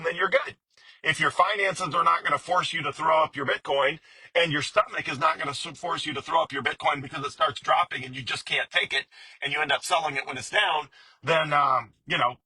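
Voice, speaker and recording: A man's voice: fairly high pitch, sharp tone, slightly rough, no room sound, poor audio. A man giving a casual, explanatory monologue about investing, talking conversationally with frequent fillers, restarts and repetition. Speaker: bitcoin commentator.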